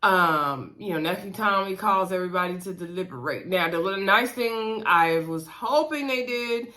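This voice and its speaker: Woman, casual recap commentary, sassy and chatty, laughs between remarks, middle pitch. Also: moderate pace, pushed and bright. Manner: chatty and sassy, talking straight to viewers. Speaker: reality show recapper.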